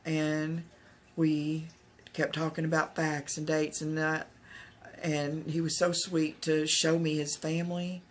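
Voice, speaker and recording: Slow, steady woman storytelling. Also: low voice, slight background noise. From Texas. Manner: rambling, many fillers and restarts. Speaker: vlogger. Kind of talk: casual personal storytelling.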